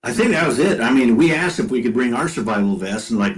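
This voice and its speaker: A man's voice: mid-range voice, fast, poor audio. A middle-aged man, a former Marine, chatting as a guest, laughing often and chiming in. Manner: laughs a lot and chimes in, with a lively voice. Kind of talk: casual chat.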